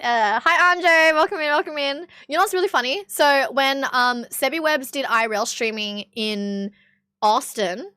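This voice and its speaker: A woman's voice: high voice, moderate pace, sharp tone, no room sound, clean studio sound. A young woman with an Australian accent chatting bluntly with her stream viewers, swearing often. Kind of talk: casual chat with stream viewers.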